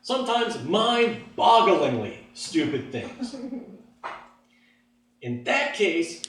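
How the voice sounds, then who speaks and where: A man doing stand-up, telling a story about himself and acting out the voices in his head with big jumps in his pitch. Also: sing-song, extremely slow, a bit bright, a little hiss or hum. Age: adult, looking back on his teens. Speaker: stand-up comedian. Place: stage in a hall with an audience. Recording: echoey hall, mic from far off.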